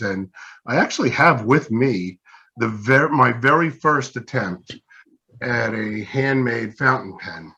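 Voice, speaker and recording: A man's voice: medium pitch, sharp tone, dull audio. A man as an interview guest and pen maker, telling anecdotes in a casual, self-deprecating way and acting out what others said. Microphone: video call.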